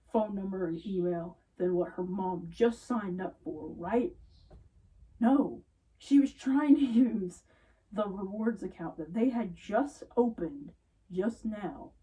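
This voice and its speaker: A woman's voice: mid-range voice, distant mic, low-quality recording. A young woman retail worker casually telling an exasperated story about rude customers. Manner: exasperated, animated retelling with quoted customers.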